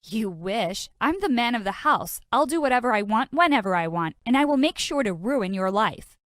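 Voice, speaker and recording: A smug, bratty teenage boy, boastful and mocking as he taunts his sister, put on by a woman. The voice is kept fairly high and sits dry and close in a storybook animation telling. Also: animated, normal speed, a bit bright, dry recording. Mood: smug taunting.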